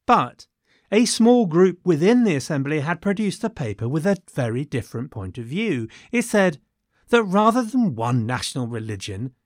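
A man narrates history with a wry, chatty touch and plenty of asides. His voice sits a little high and swoops lively up and down. The recording is close and dry. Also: no echo.

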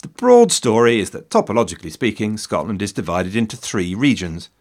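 English man in his fifties, solo history podcast host, wry, self-mocking, swooping animated delivery. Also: on the low side, a little fast. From England. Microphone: studio mic in a shed.

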